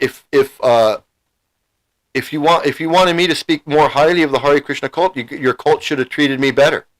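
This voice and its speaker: A middle-aged man hosting his own stream, talking heatedly and emotionally. He repeats himself as he vents and swears freely. His voice sits at an ordinary middle pitch. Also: a bit bright, low-quality recording. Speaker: channel host. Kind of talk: angry livestream rant.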